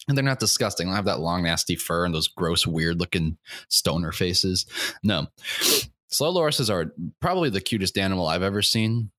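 A man's voice: on the low side, fairly bright tone, dry recording, clean studio sound. A young man hosting a comedic rant, rambling with many fillers, crude and profane, getting worked up as he goes. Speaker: podcast host.

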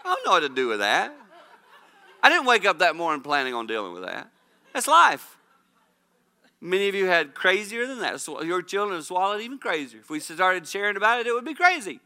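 A middle-aged man gives a humorous storytelling talk to a church audience, laughing his way through the anecdotes. His voice is very bright and clean, a little higher than most men's, and he sounds spirited and jokey. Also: wildly swooping pitch, a little fast. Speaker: speaker at a women's church gathering.

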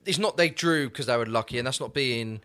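A man's voice: mid-range voice, fairly quick, fairly bright tone, no echo. A man, a regular on a podcast, arguing his point with jokes in a casual chat. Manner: argumentative, jokey.

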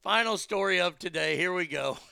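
This radio host's high-pitched voice is creaky yet clear and resonant, with a sharp edge, as he bluntly rants about the news and swears casually in a loose monologue. There's no room sound.

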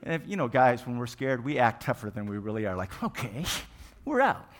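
A man preaching a sermon, retelling a Bible story with lively, animated storytelling and acted-out scenes. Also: mid-range voice, fast talker. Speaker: pastor.

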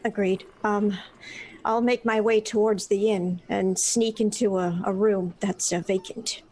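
A woman's voice: mid-range voice, steady tone, a little slow, dark tone, rough recording. A woman playing her character in a tabletop game, hesitant and stammering. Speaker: player.

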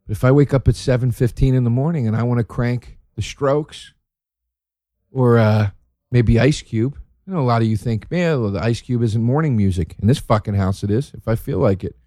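A man doing a profane, sarcastic stand-up routine, ranting and jumping from loud high outbursts to low mutters. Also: moderate pace, dry recording, studio quality. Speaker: stand-up comedian.

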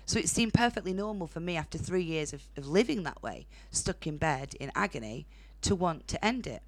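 Young Northern English woman, low-pitched, blunt stand-up delivery in a comedy club. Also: animated, brisk, dry recording. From Northern England. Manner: blunt, chatty, laughs at own jokes. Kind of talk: stand-up set.

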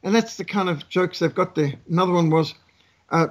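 Husky-voiced man lecturing emphatically. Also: high voice, brisk, dull audio. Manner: emphatic, repetitive, preacher-like cadence. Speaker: guest speaker, missionary. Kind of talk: lecturing with anecdotes and jokes.

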